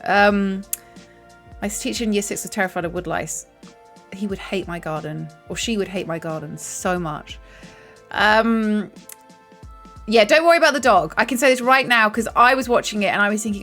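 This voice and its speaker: A woman's voice: medium pitch, moderate pace, a bit bright, soft background music. A young woman chatting casually to her stream, rambling and swearing casually. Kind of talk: casual chat to a live stream.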